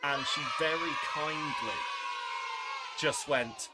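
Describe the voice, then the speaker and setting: A man's voice: fairly high pitch, takes it slowly, heavy background noise. A young man chatting casually on a charity live stream, rambling and self-deprecating. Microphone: desk microphone.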